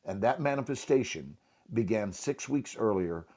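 A man's voice: lowish voice, lively intonation, normal speed, mellow. A man, an actor and teacher, telling a motivational story as a guest. He speaks emphatically and acts out the dialogue.

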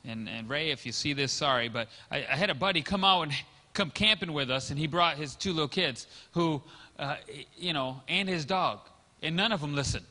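High-voiced preaching pastor in reverberant hall. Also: male voice, brisk, pushed and bright. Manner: storytelling, acts out quotes. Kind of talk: sermon.

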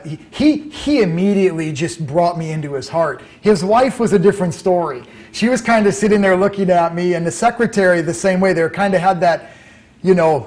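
This is a middle-aged man recounting a personal story in an interview. His voice sits a little high for a man. He tells it animatedly and slips into the voices of the people he quotes. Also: darkish tone. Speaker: author and guest.

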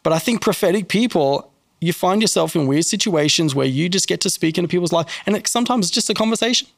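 Man, podcast guest, casual faith talk, animated storyteller, gravelly, dry close sound. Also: sits high, quick pace, dry recording. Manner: animated, acts out quoted people in a raised voice.

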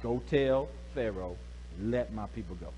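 A man voicing God as a commanding figure who gives slow, solemn commands to a prophet. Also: lowish voice, mellow, slight background noise, pitched below the performer's own voice, natural voice.

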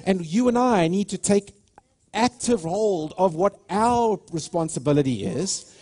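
Emphatic preacher man, lively pitch. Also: measured pace. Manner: passionate, emphatic preaching with frequent restarts. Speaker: pastor. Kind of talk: sermon.

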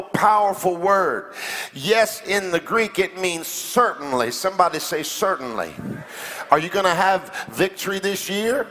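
A male pastor preaching a fiery sermon, leading the congregation in call and response and building to shouts. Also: sits high, in a large hall, slight background noise. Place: church sanctuary.

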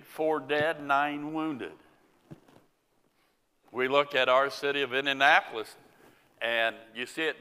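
Male pastor from the US Midwest, unhurried and earnest, bright tone, echoing sanctuary. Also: medium pitch, clear, resonant tone. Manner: slow, earnest preaching with scripture read aloud. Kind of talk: sermon. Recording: long church reverb.

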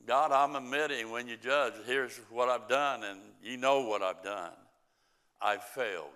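A middle-aged male pastor delivers a sermon at a deliberate, unhurried pace. His voice is bright and forceful, sits in a middle pitch, and leans hard on key words before falling away quietly. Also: clean tone. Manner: slow, emphatic preaching with scripture reading and soft drops in volume.

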